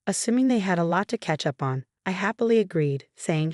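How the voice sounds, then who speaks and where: A woman narrating a dramatic family story in a scripted, measured reading voice. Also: on the low side, expressive, a little mellow, dry recording, clean studio sound.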